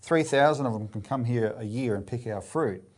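A man's voice: medium pitch, moderate pace. A man co-hosting a political commentary show, talking emphatically with a sarcastic edge. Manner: emphatic, sarcastic, mocking voices. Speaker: co-host.

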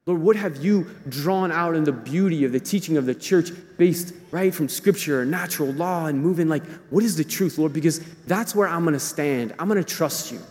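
Guy preaching in a big echoey church, kinda high voice, chatty style. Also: darkish tone. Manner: conversational preaching, acts out inner voices. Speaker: priest. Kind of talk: sermon. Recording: long reverb of a large hall.

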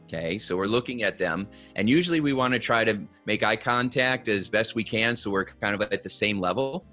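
Low-voiced man coaching calmly. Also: a little fast, faint music behind. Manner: coaching, instructive, asks "okay?" and "right?" often. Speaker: guest expert on body language. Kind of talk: conversational podcast advice.

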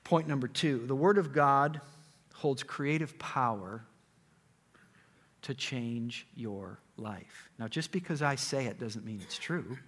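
A male preacher giving a sermon, retelling a story with dramatic swings from loud to hushed. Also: mid-range voice, slow, slightly rough. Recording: echoey hall.

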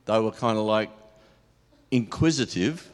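A man's voice: on the low side, unhurried. A man preaching an informal sermon in a church hall, telling stories in a chatty way and laughing often.

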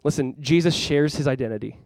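Young guy pastor preaching, earnest chatty style, kinda high voice, dry close sound. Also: brisk, darkish tone, dry recording. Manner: earnest, conversational, with frequent fillers. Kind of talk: sermon.

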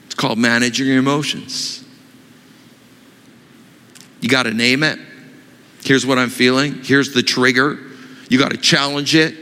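A man preaching a sermon, asking his congregation questions in an animated way. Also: medium pitch, a little slow, long pauses, big-room sound. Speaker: pastor.

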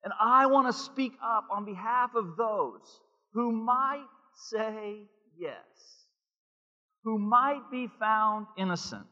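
A man's voice: sits high, slow pace, big-room sound, dull audio, voice pushed up. A man voicing a pleading old patriarch who bargains with God in an earnest, urgent way.

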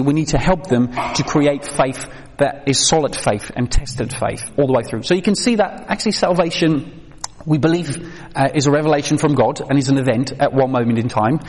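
A man giving a training talk on children's faith to a live audience, conversational with many fillers and questions to the room. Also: medium pitch. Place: hall with an audience. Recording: reverberant hall.

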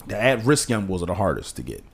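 A man co-hosting a casual podcast, talking with passion, rising in pitch to stress points and dropping low to quote others. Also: big pitch swings, fast, husky. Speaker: podcast co-host.

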